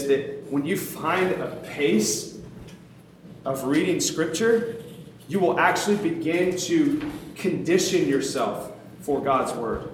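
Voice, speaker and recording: A man preaching a sermon in an animated, conversational way, poking fun at himself. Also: medium pitch, very echoey, a little hiss or hum. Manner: animated, conversational, self-mocking, laughs often.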